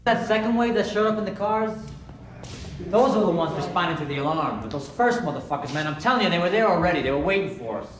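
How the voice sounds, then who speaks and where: An actor playing a panicked robber who talks in an agitated, rapid and profane way, in a film scene. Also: male voice, high voice, expressive, reverberant, far from the mic, slight background noise, poor audio. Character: panicked, agitated male robber after a heist. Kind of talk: film dialogue.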